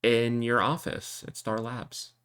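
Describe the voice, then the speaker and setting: A man narrating as game master of a tabletop game, telling the scene to the players in a relaxed, second-person way. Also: medium pitch, takes it slowly, clear, resonant tone.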